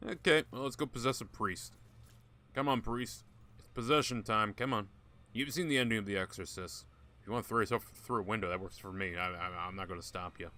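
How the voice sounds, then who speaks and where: A man's voice: lowish voice, brisk, bright, forceful tone. A man giving casual gameplay commentary, joking, swearing often and talking to game characters. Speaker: gaming YouTuber.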